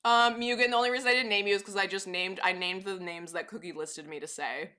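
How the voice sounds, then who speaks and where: Woman, live streamer, casual rambling chat, frequent laughs, bright forceful tone, lowish pitch. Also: fairly even intonation, fast. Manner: rambling, chatty, laughs often, swears casually.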